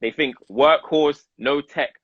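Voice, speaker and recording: A man interviewing a guest in a casual sit-down chat, chiming in with quick slangy agreement. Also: on the high side, dry recording, dull audio.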